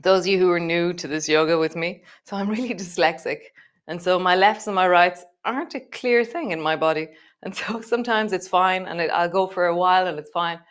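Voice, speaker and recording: A woman guiding a live yoga class, chatty and relaxed, laughing at herself. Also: fairly low pitch, a little fast, smooth. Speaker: yoga teacher.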